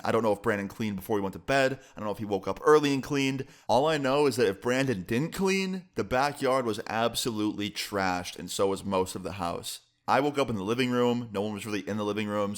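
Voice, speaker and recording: A young adult man casually telling a personal story, loose and filler-heavy, with some swearing. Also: fairly low pitch. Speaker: storyteller vlogger.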